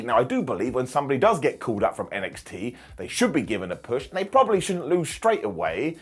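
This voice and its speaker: A man hosting a wrestling review, recapping with sarcastic jokes and quick asides. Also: on the high side, breathy edge. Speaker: wrestling show reviewer and host. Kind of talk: animated comedic recap.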